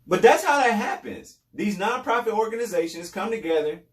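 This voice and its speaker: A man's voice: high-pitched, lively intonation, moderate pace, pauses often, echoey room, far from the mic. A man hosting a podcast, giving casual commentary in a loose, repetitive way with sarcastic asides. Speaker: podcast host.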